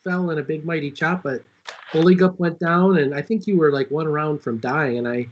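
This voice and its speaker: A man's voice: a little high, fairly quick. A man playing in a tabletop game, rambling and joking in casual chat. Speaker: player. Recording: dull lo-fi sound with faint noise.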